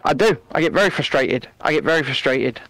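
A man's voice: fairly high pitch, animated, brisk, fairly bright tone, no echo, poor audio. A man co-hosting a casual live stream from a remote video call, chatty and jokey, with frequent restarts. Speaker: co-host.

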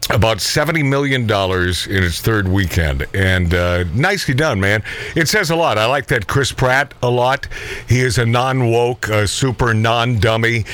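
A man's voice: medium pitch, moderate pace, a bit bright, smooth. A middle-aged man hosting a radio talk show, rambling and joking with frequent laughs. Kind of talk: casual talk radio banter.

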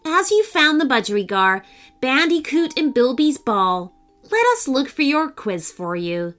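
A woman's voice: high-pitched, big pitch swings, measured pace, fairly bright tone, soft background music, heavily acted. A woman voicing Milla, a caring young girl in a children's storybook.

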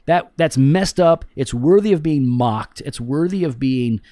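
Male co-host, slightly high voice, sarcastic and joking, dry close recording. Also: expressive, a little slow, warm tone, dry recording. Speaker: podcast co-host. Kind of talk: casual chat.

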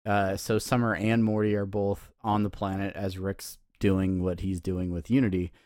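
A man co-hosting a casual podcast chat, talking in a halting, thoughtful way with frequent restarts. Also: deep voice, level tone, a little mellow, dry recording, studio quality. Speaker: podcast co-host.

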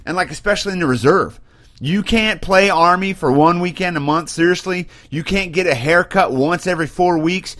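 A man's voice: sits high, normal speed, fairly bright tone. Blunt, worked-up man ranting on a podcast. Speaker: podcast host, Army sergeant. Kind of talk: opinion podcast rant. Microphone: webcam and computer mic.

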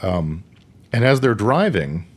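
A man's voice: fairly low pitch, big pitch swings, takes it slowly. Laid-back man recapping a movie. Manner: laid-back, swears casually, recaps plot with filler words. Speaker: podcast co-host. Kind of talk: casual movie review chat.

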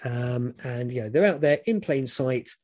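A British man chats through frank advice in a relaxed, rambling way, full of ums and restarts. His voice is mellow and warm at a middling pitch. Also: normal speed. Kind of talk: casual advice chat.

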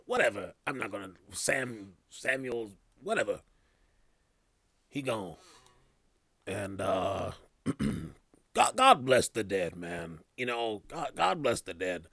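A man's voice: lowish voice, very animated, slow pace, creaky, sharp tone, dry recording. A man hosting a casual podcast, rambling with loose slang, trailing off and restarting his thoughts. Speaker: podcast host. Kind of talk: casual chat.

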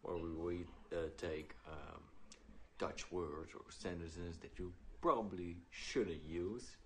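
A man with a low voice presents a casual language clip. He speaks very slowly and relaxedly, filling pauses with ums. Faint background noise is heard. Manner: slow, relaxed, with fillers.

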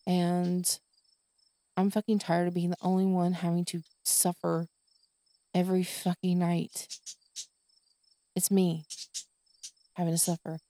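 A woman's voice: lowish voice, flat delivery, unhurried, pauses often, dark tone, no echo. Exhausted woman ranting on her podcast. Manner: exasperated, swearing, tired ranting. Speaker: podcast host. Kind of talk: venting monologue.

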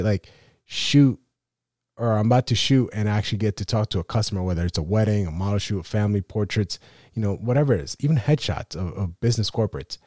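A man's voice: fairly low pitch, warm tone, dry recording, clean studio sound. A man hosting his own photography podcast, talking in a rambling, self-deprecating way with many fillers and restarts. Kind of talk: casual solo podcast monologue.

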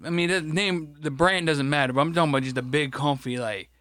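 A man's voice: a little high, fast talker, a bit bright, no echo, clean studio sound. A man chatting casually on a podcast, rambling and swearing often as he vents. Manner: rambling, frustrated, swears a lot. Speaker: podcast co-host; grocery stocker. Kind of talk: casual profane chat.

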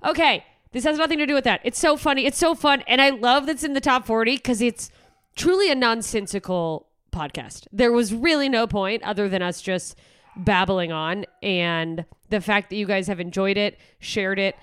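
A woman's voice: medium pitch, normal speed, fairly bright tone, clear, resonant tone, no echo, clean studio sound. A woman podcast host who rambles, swears and laughs a lot in casual chat. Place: moving car.

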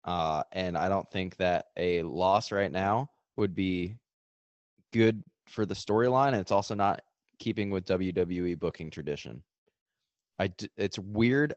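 A young man with a lowish voice chats casually on a podcast, teasing his friends and laughing easily. The sound is close and dry, with no room around it. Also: a little mellow, no echo, lo-fi sound. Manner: teasing, laughs often, wrestling predictions. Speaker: podcast co-host. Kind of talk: casual chat.

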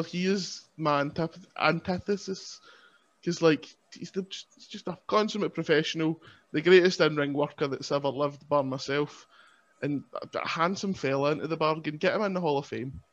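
Brief: man, podcast guest, jokey and self-mocking, slightly high voice, dull lo-fi sound. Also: moderate pace, a bit bright. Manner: playful, self-mocking, laughs often. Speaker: guest, pro wrestler. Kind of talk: casual podcast chat.

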